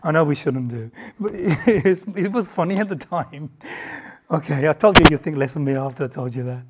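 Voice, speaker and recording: A woman preaching a sermon in a conversational way, asking many rhetorical questions and swinging from hushed to loud. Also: low-pitched, a little fast, slightly rough, poor audio. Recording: heavy background noise.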